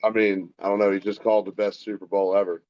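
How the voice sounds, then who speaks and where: Laid-back, low-voiced male co-host. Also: level tone, fast, darkish tone, muffled recording. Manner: laid-back, brief agreeing replies. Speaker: podcast co-host. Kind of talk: casual sports chat.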